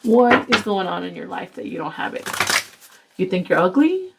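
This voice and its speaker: A woman's voice: lowish voice, sing-song, moderate pace, vocal fry, very noisy. Blunt, exasperated woman tarot reader. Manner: blunt, exasperated, swears often, lectures viewers. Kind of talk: casual tarot reading to camera.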